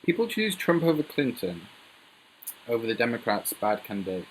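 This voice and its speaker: A man's voice: mid-range voice, very animated, moderate pace, slight background noise, poor audio. A man hosting a casual live Q&A stream, joking and rambling as he laughs at his own jokes. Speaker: livestream host.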